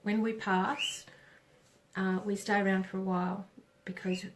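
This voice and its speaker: A middle-aged woman doing a live oracle reading, speaking gently with pauses and self-corrections. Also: mid-range voice, little pitch movement. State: tearful. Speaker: psychic reader on a live stream.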